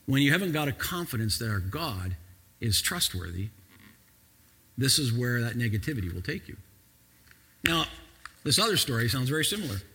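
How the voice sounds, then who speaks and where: A pastor preaches with lively, sweeping pitch and a bright, husky edge to his voice. He drops low and soft, then climbs to shouted emphasis. The sound rings with the long reverb of a church hall. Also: normal speed, pauses often. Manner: animated preaching, swings from quiet to shouting. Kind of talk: sermon.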